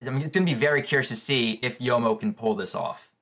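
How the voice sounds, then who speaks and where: Man, comic reaction host, excitable, bright voice, thinking out loud. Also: medium pitch, fast talker. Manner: excitable, thinks aloud with restarts and laughs. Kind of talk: live reaction commentary.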